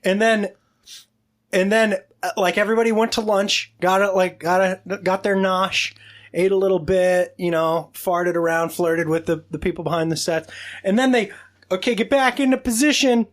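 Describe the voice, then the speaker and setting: A man's voice: sits high, steady tone, normal speed. A man co-hosting a casual podcast film review, making wry, sarcastic quips. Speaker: podcast co-host.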